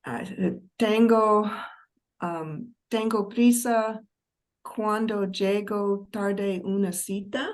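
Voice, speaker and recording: A woman student asks a careful question in class, pausing on fillers. She speaks slowly at a middle pitch. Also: fairly even intonation.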